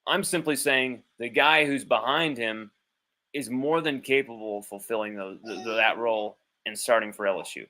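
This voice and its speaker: A man's voice: medium pitch, normal speed, bright, forceful tone. A man hosting a sports livestream from home, talking casually in a rambling, blunt way with easy swearing. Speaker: sports podcast host. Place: at home with his child nearby.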